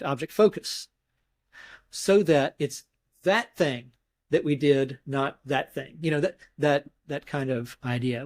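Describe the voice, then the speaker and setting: A man being interviewed as a scholar, explaining grammar thoughtfully step by step, often restarting phrases and demonstrating emphasis with his voice. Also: on the high side. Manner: mimics emphasis with his voice in examples. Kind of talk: academic explanation in conversation.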